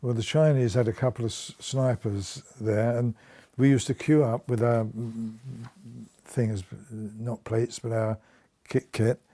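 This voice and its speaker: Unhurried and warm, this older veteran's mid-range voice holds fairly even intonation as he describes his wartime service in an oral history interview. He laughs at times and often begins his sentences again.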